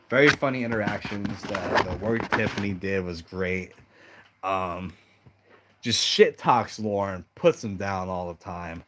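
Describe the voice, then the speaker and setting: Laughing young man, low voice, crude commentary. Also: a bit bright, a little hiss or hum. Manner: laughs often, crude, acts out quotes. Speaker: video commentator. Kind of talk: casual ranking commentary.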